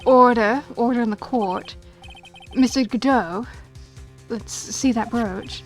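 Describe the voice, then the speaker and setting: A woman's voice: fairly high pitch, slow, soft background music. A woman reading the formal, commanding lines of a stern male judge from a video game. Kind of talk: reading game dialogue aloud.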